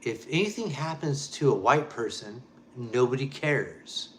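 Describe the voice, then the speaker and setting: A man's voice: medium pitch, animated, unhurried, a little hiss or hum. A man hosting a show, delivering a heated, emphatic rant and speaking straight to his listeners, repeating key phrases. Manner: emphatic, repetitive, keeps addressing listeners directly. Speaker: show host. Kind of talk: ranting monologue.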